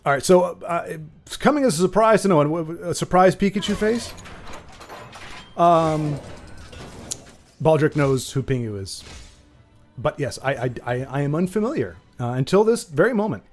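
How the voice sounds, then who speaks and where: A man's voice: a little high, lively intonation, normal speed, long pauses, faint music behind. Rambling man streamer chatting casually. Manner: rambling, self-correcting, playful. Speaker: streamer host. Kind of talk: casual livestream chat.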